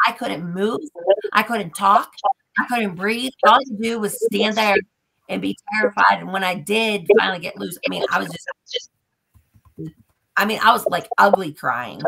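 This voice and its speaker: A woman guest on a podcast, casually retelling a story in an animated, profane way. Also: medium pitch, gravelly, low-quality recording.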